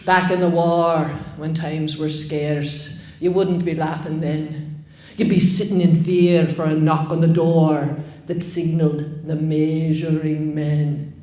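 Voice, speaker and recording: A grave old Scottish village woman speaks in a lowered, drawn-out voice with a light Scottish accent, put on by a woman storyteller. She sounds foreboding. The room around her is echoey. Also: little pitch movement, mellow. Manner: slow, low and foreboding.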